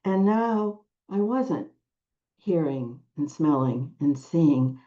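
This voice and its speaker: An older woman telling a personal spiritual story to a group, slow and hushed, with long pauses and soft whispered phrases. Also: deep voice, lively intonation, highs cut off. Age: 60s or older. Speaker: spiritual teacher.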